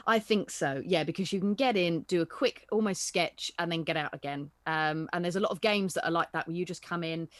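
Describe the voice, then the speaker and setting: A woman, an improv actor, explaining performance in a relaxed, encouraging way on a home video call. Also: lowish voice, brisk, few pauses, no room sound. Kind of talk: casual interview chat.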